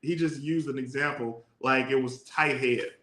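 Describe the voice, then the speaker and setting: A man co-hosting a casual podcast, teasing his co-host with playful, quick remarks. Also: mid-range voice, fairly even intonation, a bit bright. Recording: roomy echo.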